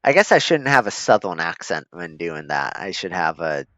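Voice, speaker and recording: A man's voice: low voice, big pitch swings, moderate pace, fairly bright tone, dry recording. A man giving casual, joking gameplay commentary as a streamer, chuckling and talking to his units. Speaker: gaming streamer. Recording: dull lo-fi mic.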